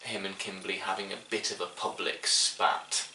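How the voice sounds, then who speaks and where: A man's voice: deep voice, little pitch movement, normal speed, bright, forceful tone, a little hiss or hum. Brief: man as game master, hesitant, mic set back from him. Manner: hesitant, full of "sort of" and restarts. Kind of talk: narrating a tabletop game. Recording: echoey room, mic at a distance.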